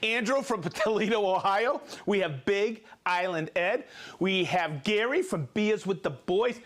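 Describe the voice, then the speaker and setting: This livestream host has a high-pitched, expressive, somewhat bright voice. He reads out viewers' names and hometowns, cracking jokes, stumbling over tricky place names, and dropping quick asides.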